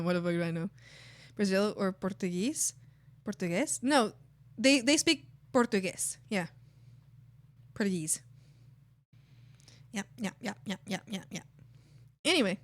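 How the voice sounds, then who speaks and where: A woman streamer in casual livestream chat, rambling and thinking aloud to her chat, swearing freely and breaking into excited exclamations. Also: mid-range voice, no echo. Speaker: art streamer.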